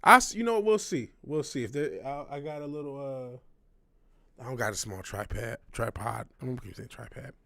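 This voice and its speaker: A man's voice: medium pitch, animated, moderate pace, bright, forceful tone, dry recording, studio quality. A man in his thirties talking casually to a livestream audience, rambling and frank, swearing often and restarting his sentences. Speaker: livestream host.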